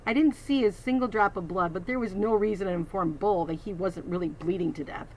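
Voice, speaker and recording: A woman's voice: medium pitch, fairly quick, slight background noise, rough recording. A woman reading a children's novel aloud, adding teacherly asides to her listeners. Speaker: reader.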